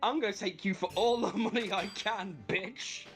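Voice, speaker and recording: A man's voice: high voice, normal speed, soft background music. A man hosting a gaming stream, chatting casually, telling stories with lots of swearing and laughter. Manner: animated storyteller, swears and laughs often. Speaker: gaming channel host. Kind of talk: casual chat while playing a video game.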